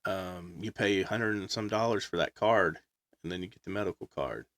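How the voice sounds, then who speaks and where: A man's voice: sits low, fairly quick, fairly bright tone, no room sound. A man talking loosely and swearing in a casual podcast chat. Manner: loose, laughing, swears freely.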